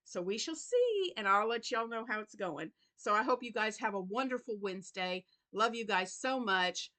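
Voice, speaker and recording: A middle-aged woman, hosting a casual crochet vlog, chatting warmly with lots of ums. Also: mid-range voice, expressive, normal speed. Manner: warm chatty talk with many ums and y'alls. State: choked up. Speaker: crochet channel host.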